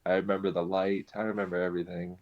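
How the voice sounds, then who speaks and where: A young man telling his conversion story in casual conversation, animated, laughing often and restarting his sentences. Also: sits low, fast talker. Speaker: guest sharing his conversion testimony. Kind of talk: conversational personal testimony. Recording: dull lo-fi sound.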